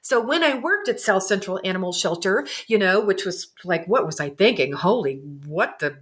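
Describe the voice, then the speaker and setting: A woman giving an animated, expressive interview as a guest, quick to laugh. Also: medium pitch. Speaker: guest, psychic medium and animal communicator. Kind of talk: candid conversational interview.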